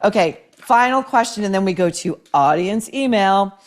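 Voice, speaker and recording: A woman's voice: medium pitch, animated, normal speed. A woman hosting a podcast, reading advice letters and listener emails aloud and answering them with blunt, sarcastic, profane commentary. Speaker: podcast host.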